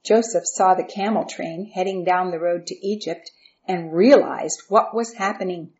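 A woman reading a Bible story aloud in a calm, steady storytelling voice. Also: on the low side, moderate pace, muffled recording.

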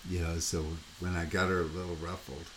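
A man's voice: low-pitched, brisk, noisy background. A man hosting a painting podcast, telling a rambling anecdote in casual chat, with lots of "you know" and "like" and sound effects he mimics himself. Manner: animated, mimics sounds and voices while telling stories. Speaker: painting coach and podcast host.

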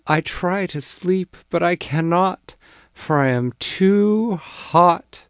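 A man's voice: high-pitched, slow, smooth, no room sound, studio quality, pitched above the performer's own voice. A man voicing a sleepless, overheated child who pleads with formal politeness. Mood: pleading. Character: whiny sleepless hot child.

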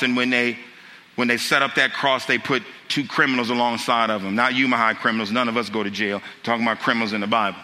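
A man's voice: medium pitch, sharp tone. A man pastor preaching a sermon in a church, impassioned, repeating key phrases and building to urgent questions. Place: church sanctuary. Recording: long hall reverb with music underneath.

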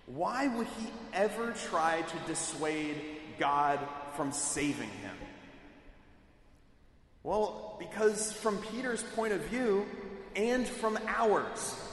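A man preaching a sermon in a measured, emphatic way, voicing quoted speech with dramatic weight. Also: high voice, fairly bright tone, slight background noise. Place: church sanctuary. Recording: echoey hall, mic at a distance.

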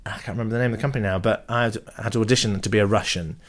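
Lively male actor telling stories. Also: lowish voice, very fast. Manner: animated storytelling, self-deprecating jokes. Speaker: actor and podcast guest. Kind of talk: casual podcast chat.

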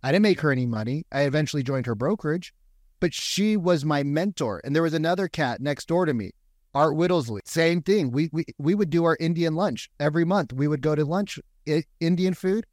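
A man talking in casual podcast chat, an animated, profane storyteller. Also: fairly high pitch, fairly quick, no echo, studio quality. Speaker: real estate agent, podcast guest.

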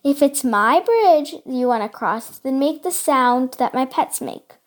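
A woman reading the lines of a grumpy old male troll guarding a bridge in a storybook, stern and gruff in manner. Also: high voice, animated, measured pace. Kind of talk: storybook read-aloud.

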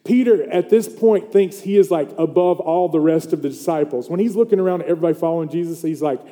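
Speaking fast with hardly any pauses, this man has a fairly high, warm voice. He's a pastor giving a conversational sermon, animatedly telling a story and asking the congregation "okay?" and "right?", all under a long hall reverb.

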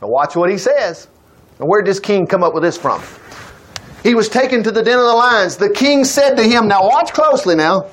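A man preaching a sermon in a high, lifted voice. He talks in a folksy, animated way and breaks scripture into plain everyday speech. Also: a little fast, low-quality recording.

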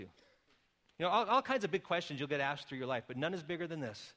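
A middle-aged man delivers a sermon in a bright, clear voice pitched a little high. He moves from calm, careful explanation to loud, emphatic calls. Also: fast talker. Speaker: pastor.

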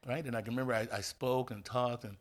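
A man's voice: medium pitch, quick pace. A man from Indiana, a football coach, telling stories in a casual interview with lots of fillers, restarts and acted-out quotes. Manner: animated storyteller, acts out quoted voices, many fillers and restarts.

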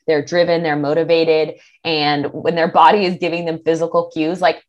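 A woman body image coach answering interview questions in a casual, animated way, acting out the thoughts of others. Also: lowish voice, moderate pace, hardly any pauses. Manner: animated, acts out quoted thoughts.

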